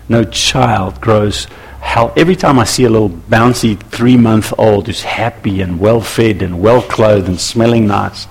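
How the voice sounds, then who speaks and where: A man preaching a sermon to church leaders, animated and acting out little scenes with voices. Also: fairly low pitch, slightly rough. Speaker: pastor.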